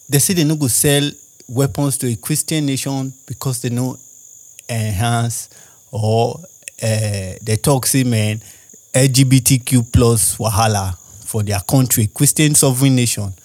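A man's voice: mid-range voice, unhurried, a little mellow. A young Nigerian man with a Nigerian accent, rambling through a casual monologue as a podcast host and firing off rhetorical questions.

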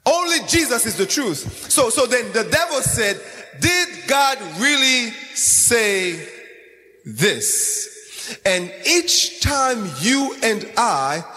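A man's voice: extremely high pitch, big pitch swings, takes it slowly, bright, forceful tone, big-room sound, faint music behind. A man preaching a sermon in a sing-song, chanting style, repeating phrases as he goes.

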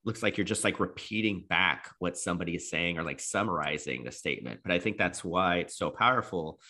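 A man's voice: deep voice, brisk, pushed and bright. A man in a casual discussion, explaining an idea about listening in an earnest way.

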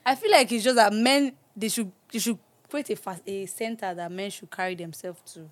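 A woman hosting a podcast, chatting casually and telling stories with lively laughs. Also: medium pitch, normal speed. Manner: animated storytelling, laughs often. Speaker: podcast host. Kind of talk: casual chat.

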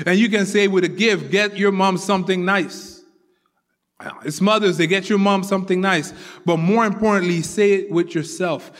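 A man's voice: sits high, steady tone, normal speed. A man preaching a sermon with earnest conviction, repeating his key phrases for emphasis. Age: adult father of four children. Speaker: pastor. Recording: long hall reverb.

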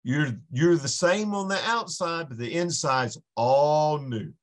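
A man's voice: fairly high pitch, slow pace. Earnest man telling a faith story. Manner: earnest storytelling with many restarts. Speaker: podcast guest. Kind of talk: impassioned faith testimony.

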